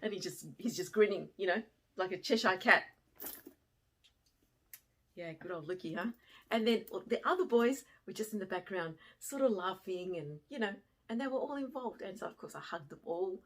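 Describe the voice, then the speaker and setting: Breathy woman telling a heartfelt story. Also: mid-range voice, moderate pace. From Australia. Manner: animated, swings from hushed to excited. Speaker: fashion vlogger and former teacher. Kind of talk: emotional storytelling to camera.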